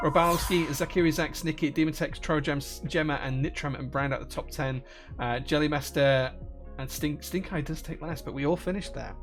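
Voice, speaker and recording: A man streaming live, commentating viewer marble races in quick play-by-play, reeling off player names with casual asides, his voice a little worn. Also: mid-range voice, a bit bright. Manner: rapid name-listing play-by-play with casual asides. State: slightly losing his voice.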